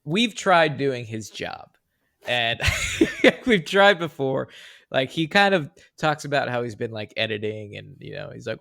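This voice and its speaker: Young man, gravelly voice, dry close sound, animated podcast chat. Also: medium pitch, normal speed, no echo. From California. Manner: animated, jumps into loud mock voices. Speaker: podcast co-host. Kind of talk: casual chat.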